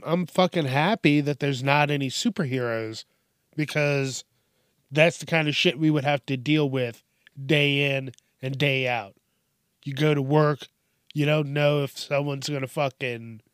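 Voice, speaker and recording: A man's voice: on the high side, fairly bright tone, no echo, clean studio sound. A man hosting a podcast alone, rambling through a casual, profane, self-mocking monologue. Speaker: podcast host.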